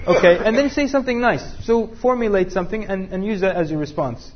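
A man's voice: high voice, fast talker, lo-fi sound. A man teaching a class, joking and asking the room questions. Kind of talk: interactive class talk with students.

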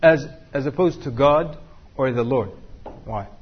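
A man's voice: medium pitch, unhurried, husky, dull audio. A man teaching a class, joking and asking the room questions. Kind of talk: interactive class talk with students.

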